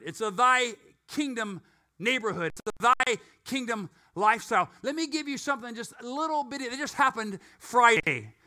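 High, bright-voiced animated preacher man. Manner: animated storyteller, acts out both sides of dialogue; folksy, joking asides. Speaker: pastor. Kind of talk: sermon with personal story.

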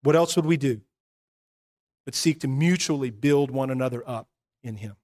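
A pastor preaching a sermon, earnest, moving between hushed and emphatic passages. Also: male voice, mid-range voice, normal speed.

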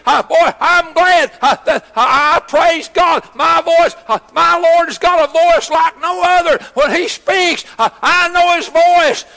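A man preaching a sermon as pastor, shouting in bursts and halting with frequent "uh"s. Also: very high-pitched, vocal fry, in a large hall. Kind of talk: Pentecostal-style shouted sermon.

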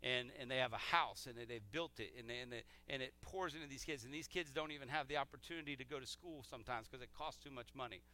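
A man's voice: mid-range voice, fast, hardly any pauses, pushed and bright. A man making church announcements to a congregation, enthusiastic and repeating himself as he rallies people to give. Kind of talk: casual church announcements before the sermon.

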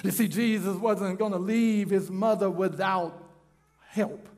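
A man preaching a sermon in an impassioned, shouting delivery. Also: sits high, steady tone, slow.

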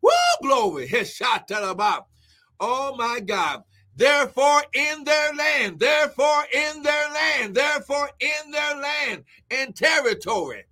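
A man preaching a fervent live-streamed sermon, shouting exclamations of glory and breaking into tongues as he prays. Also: very high-pitched, slow. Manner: speaks in tongues between phrases.

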